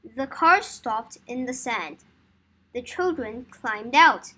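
A woman reading a children's story aloud for English learners, slow, clear and careful. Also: on the high side, lively intonation, pushed and bright.

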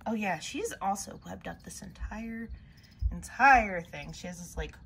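A woman's voice: mid-range voice, expressive, a little slow, gravelly, a bit bright, slight background noise. A woman hosting a casual vlog about her pet tarantulas, chatty and gushing as she talks to her spiders, with trailing fillers. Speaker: tarantula keeper vlogger.

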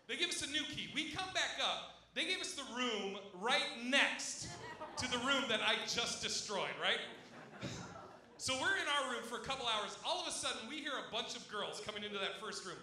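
A man's voice: very high voice, lively intonation, moderate pace, sharp tone. A male stand-up comedian telling a profane story and talking straight to the audience at a comedy club. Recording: echoey live club sound from far off.

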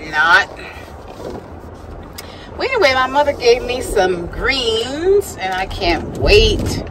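Slow-talking woman chatting in her car. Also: a little high, very animated, background noise. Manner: chatty, laughs often, talks to herself. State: out of breath. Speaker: vlogger. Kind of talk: casual chat while driving. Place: inside a car.

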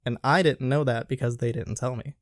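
A man's voice: mid-range voice, fairly quick, dry recording, clean studio sound. Casual young man telling work stories. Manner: animated retelling, acts out quoted lines. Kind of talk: casual storytelling chat.

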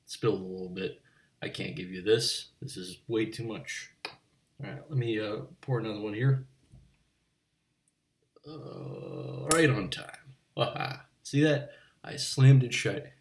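In a comic monologue, a man plays an eccentric bartender who lectures a customer, rambling from one digression to another with pedantic asides. His voice is low and sounds a bit far from the mic.

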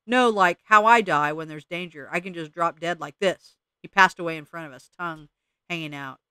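A chatty, jittery opossum , as a man voices him, rambles on eagerly in a slightly raised, bright voice. It is a storybook reading with a crisp, dry sound. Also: fairly high pitch, normal speed, no room sound.

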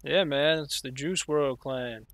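A man with a fairly high voice jokes and needles strangers in casual game voice chat. He stirs people up with teasing, provocative one-liners. He talks into a close headset mic. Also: slow, a bit bright. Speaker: streamer trolling players in a roleplay game.

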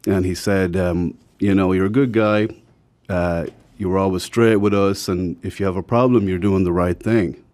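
The Irish-accented guest has a low voice and a moderate pace as he tells stories casually. He speaks frankly and performs the voices of people he quotes in an animated way.

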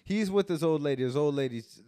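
A man's voice: a little high, expressive, a little fast, warm tone, clean tone, no echo, studio quality. A man from Chicago, a comedian hosting a podcast, chatting casually in a rambling, profane way. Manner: rambling and profane, with lots of restarts.

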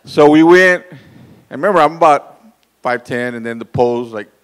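A man's voice: medium pitch, moderate pace. Profane, rambling male storyteller. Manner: rambling, repeats words, laughs at own story. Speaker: guest speaker at a real estate event. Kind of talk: profane storytelling to a live audience.

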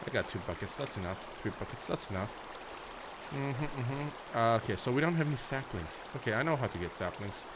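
A man's voice: mid-range voice, lively intonation, a little fast, very noisy. A young man narrating a Minecraft let's play, chatting playfully to his viewers and often breaking into squeals and baby talk. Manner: bursts into shrieks and baby talk at his horse. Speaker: gaming YouTuber.

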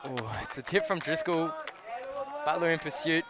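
A man's voice: a little high, animated, moderate pace. A man calling live play-by-play at an outdoor game, rising sharply on big plays and joking between points. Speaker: sports commentator. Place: outdoor sports field sideline. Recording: crowd noise and outdoor ambience. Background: crowd and outdoor noise.

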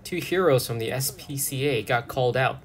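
A man's voice: mid-range voice, normal speed. A man giving comic voice-over narration in a sardonic, joking manner with casual swearing.

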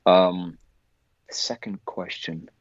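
A man, an actor guest in an interview, answering in a thoughtful, earnest way and often pausing to search for words. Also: low voice, fairly even intonation, dry recording. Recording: dull lo-fi sound.

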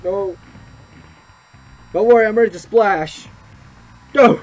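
A young man giving excited gameplay commentary, yelping and swearing as he plays. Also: high voice, slow. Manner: excitable, yelps and swears at the game. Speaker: gameplay streamer. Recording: muffled lo-fi mic with game music.

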